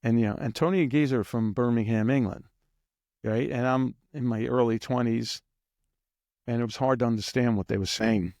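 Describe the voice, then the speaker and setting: Gravelly guy rambling thru old band stories, chuckles a lot, dry room. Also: medium pitch, fairly even intonation, brisk, darkish tone, dry recording. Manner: rambling, chuckling raconteur who mimics drum beats. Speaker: guest drummer. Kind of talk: casual anecdotal storytelling.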